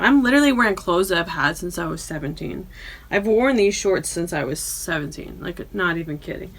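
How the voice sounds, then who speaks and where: A woman hosting her own podcast in casual chat, loud and profane, often bursting into yelling. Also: on the low side. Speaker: podcast host.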